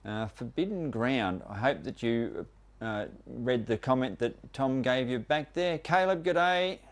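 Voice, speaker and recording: A man's voice: medium pitch, lively intonation, measured pace. An Australian man hosting a live stream, chattily welcoming viewers one by one by name. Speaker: host of a live prospecting show.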